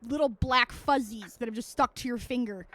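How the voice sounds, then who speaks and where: A woman streamer chats casually at home as she plays a game, rambling and venting with lots of swearing. Her voice is on the high side and a bit bright, at a normal speed.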